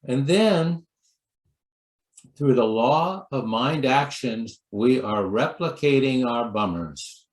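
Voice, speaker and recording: Male pastor, slow gentle sermon storyteller, mid-pitched, roomy echo. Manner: gentle, storytelling, with lively acted quotes. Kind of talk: sermon talk.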